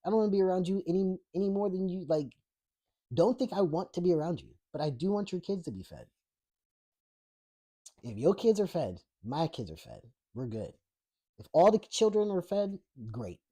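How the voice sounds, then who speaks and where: A man's voice: high voice, big pitch swings, moderate pace, warm tone. A man hosting a podcast in a blunt, profane, rambling rant, laughing often as he reads chat comments. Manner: rambling with many fillers and restarts. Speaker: podcast host. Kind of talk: casual political rant reading live chat.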